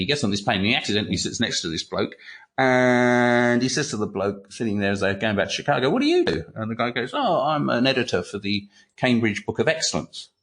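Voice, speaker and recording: Low-voiced older man telling anecdotes. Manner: animated anecdote-telling, repeats words, swears, laughs. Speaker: guest, retired clinical psychologist. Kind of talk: casual interview storytelling.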